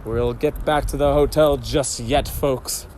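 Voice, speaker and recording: A man's voice: medium pitch, steady tone, measured pace, noisy background. A man hosting a solo podcast, rambling and joking to himself as he walks outdoors along city canals. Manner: playful, joking self-talk with digressions. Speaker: podcast host.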